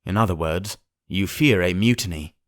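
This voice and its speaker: A man voicing a calm, shrewd gentleman doctor who speaks in measured, reasoning tones. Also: low voice, lightly acted.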